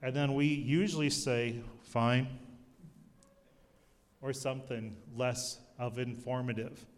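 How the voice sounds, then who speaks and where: A man giving a sermon, telling stories with humor in an animated way. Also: a little high. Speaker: youth ministry speaker. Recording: long hall reverb.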